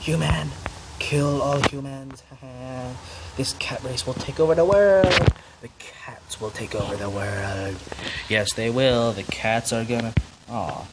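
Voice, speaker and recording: A man's voice: fairly even intonation, takes it slowly. A man voicing a mischievous little house cat, cutesy and mock-menacing. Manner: squeaky cutesy boasts, meows, mock-menacing threats. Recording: loud background noise.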